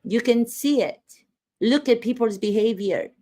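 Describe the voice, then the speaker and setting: A woman's voice: a little high, a little slow, mellow. A woman acting coach commenting on trial footage, emphatic and full of rhetorical questions.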